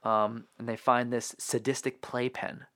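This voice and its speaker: A man's voice: mid-range voice, little pitch movement, fairly bright tone, no echo. Guy on a podcast chatting thru a movie recap, lots of likes and ums, dry close sound. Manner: laid-back, filler-heavy retelling with quick impressions. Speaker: podcast co-host. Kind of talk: casual movie recap chat.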